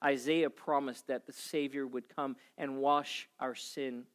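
A man in his forties preaching a sermon to a congregation, telling a personal story with animated swings in energy. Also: medium pitch, measured pace. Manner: animated storytelling, acting out his own panic. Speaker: pastor.

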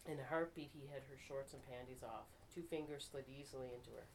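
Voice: mid-range voice, steady tone, brisk, a little hiss or hum, low-quality recording. A writing group member reading their own fiction aloud and stopping now and then to fix slips. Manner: reads steadily, stops to fix slips and apologizes.

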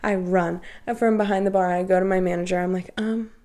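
A woman's voice: lowish voice, steady tone, brisk, dark tone. A young adult woman co-hosting a podcast, telling a story in casual chat, full of "like" and acted-out quotes. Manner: chatty, heavy use of "like", acts out quoted dialogue. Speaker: podcast co-host.

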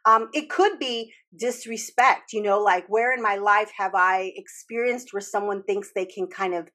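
A woman's voice: mid-range voice, normal speed, sharp tone. A woman hosting a casual talk, explaining earnestly with frequent restarts and the odd swear word. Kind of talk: casual podcast chat about trauma healing.

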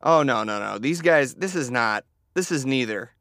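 Smooth-voiced man, dry and hesitant. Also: mid-range voice, animated, normal speed, a bit bright, dry recording. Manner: hesitant, full of uh, dry jokes. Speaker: podcast co-host. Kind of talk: casual chat watching wrestling.

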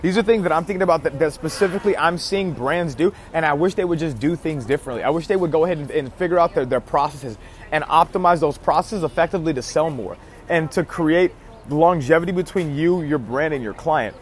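A man's voice: on the high side, fairly quick. A man talking to his viewers in a casual vlog about marketing, emphatic, with key phrases repeated and frequent restarts. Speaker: marketing vlogger. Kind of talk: casual marketing advice talk to camera.

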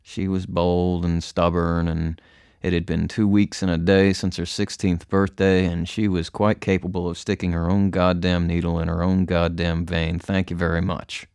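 A man reading a first-person story aloud in an even, measured way, recorded close to the mic. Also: low voice, smooth, no room sound. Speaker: audiobook narrator. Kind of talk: scripted first-person narration.

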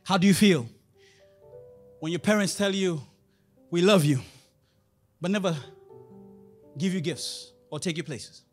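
A man's voice: sits high, unhurried, pauses often, soft background music. A man preaching a sermon in a conversational way, often putting rhetorical questions to his listeners.

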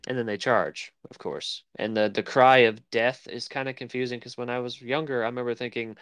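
A man's voice: medium pitch, steady tone, fairly quick, few pauses, a bit bright, clean tone, no room sound. A man co-hosting a casual film podcast, rambling and searching for words as he talks. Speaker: podcast co-host. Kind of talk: casual chat about film.

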